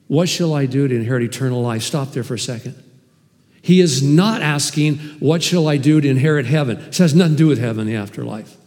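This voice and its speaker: A man preaching a sermon as pastor, animated and emphatic, with sudden swings in loudness. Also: fairly high pitch, big-room sound. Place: church hall.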